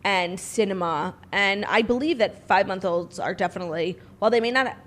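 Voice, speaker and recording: A woman's voice: medium pitch, brisk, a bit bright. A woman co-hosting a casual chat show, playful and chatty, sometimes mimicking a prince. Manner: playful, chatty, slips into a mock British prince voice. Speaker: podcast co-host. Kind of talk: casual chat with comic royal impressions.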